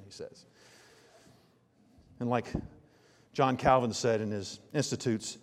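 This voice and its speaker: A man preaching a sermon, telling homely stories with emphatic, drawn-out phrases. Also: high-pitched, lively intonation. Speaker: pastor. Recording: long reverb of a large hall.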